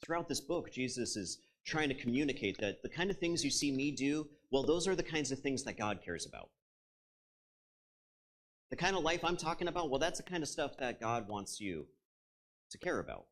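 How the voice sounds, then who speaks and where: A man's voice: mid-range voice, very animated, normal speed, fairly bright tone. A man preaching a conversational sermon as a pastor, retelling a story in a reflective way and turning to his listeners with asides.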